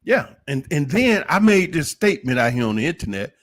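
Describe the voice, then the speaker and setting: A man's voice: fairly high pitch, big pitch swings, brisk. A man giving an opinionated livestream monologue, preachy and emphatic, firing off rhetorical questions. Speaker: livestream commentator.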